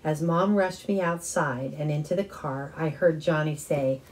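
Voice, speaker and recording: Warm, low-voiced woman reading a story. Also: unhurried, poor audio. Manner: expressive first-person narration. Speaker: audiobook reader.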